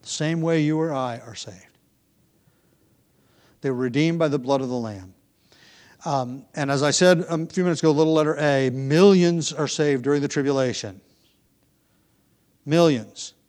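Man, bible teacher, sermon teaching, a bit higher pitched, explanatory, restarts himself. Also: normal speed, long pauses, darkish tone. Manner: explanatory, with frequent restarts and asides.

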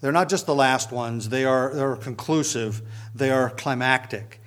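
A man's voice: medium pitch, a little slow, a bit bright. Man teaching a Bible passage. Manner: explanatory, with frequent ums and restarts.

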